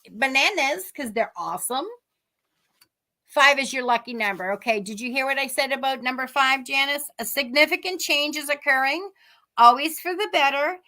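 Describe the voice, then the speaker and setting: Bright high-voiced Boston woman. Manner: rambling, chatty, self-interrupting. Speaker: psychic medium. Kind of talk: live-streamed chat and readings. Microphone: video call microphone.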